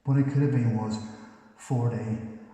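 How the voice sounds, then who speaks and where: Male paranormal investigator, unhurried pleading questions, mellow tone, recorded far off in a reverberant house. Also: mid-range voice, fairly even intonation. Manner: slow, polite, pleading questions to the unseen. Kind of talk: ghost-hunting session, calling out to spirits. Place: inside an old house. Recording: echoey room, far from the camera mic.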